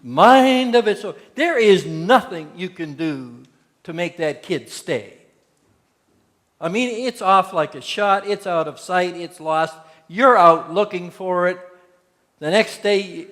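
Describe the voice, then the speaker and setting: This pastor's voice sits high and sounds fairly bright and expressive, and he takes his time. Preaching in a church sanctuary, he tells down-home stories and performs the quotes. Long reverb lingers throughout.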